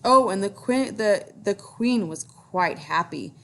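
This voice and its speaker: A woman's voice: medium pitch, expressive, takes it slowly, sharp tone. A woman teacher reading a picture book aloud to young children, encouraging them to join in.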